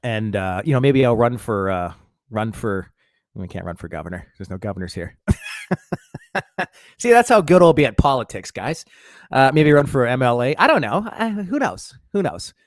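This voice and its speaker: A man talks straight to his viewers in a loose, rambling vlog monologue. He swears freely, trips over his own restarts and fillers, and pokes fun at himself. His voice sits at an ordinary middle pitch and sounds close and dry, with no room around it. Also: very animated, moderate pace, no room sound. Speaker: vlogger.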